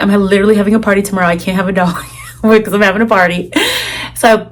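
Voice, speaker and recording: A young woman vlogging, telling a personal story in a chatty, animated way, full of "like" and acted-out quotes. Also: mid-range voice, quick pace. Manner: chatty, animated retelling with lots of "like" and quoted dialogue. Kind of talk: casual storytelling to camera.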